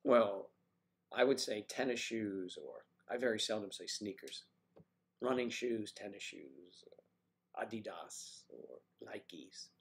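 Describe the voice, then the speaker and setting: Low gravelly-voiced American man chatting. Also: animated, slow. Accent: mid-Atlantic American. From mid-Atlantic United States. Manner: rambling, playful, tries out accents. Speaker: livestream host. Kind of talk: casual livestream chat.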